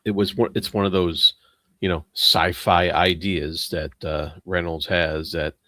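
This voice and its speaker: Deep-voiced man rambling through fillers. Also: fairly even intonation, unhurried, bright, forceful tone, no room sound, clean studio sound. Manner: rambling, hesitant, many fillers, laughs at himself. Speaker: book club member. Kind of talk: casual book discussion.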